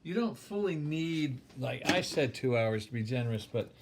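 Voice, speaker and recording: A man's voice: medium pitch, lively intonation, normal speed, noisy background. A man hosting a home cooking show, walking through a recipe in an easygoing, rambling way with plenty of um fillers and chuckles. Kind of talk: casual cooking demonstration. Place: home kitchen. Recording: roomy kitchen, mic at a distance.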